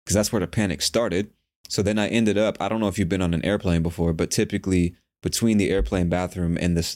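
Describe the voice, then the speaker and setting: A man's voice: low-pitched, a little mellow. A man hosting a podcast, telling a personal story in a candid, profane way and laughing at himself. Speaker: podcast host. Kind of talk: casual storytelling monologue.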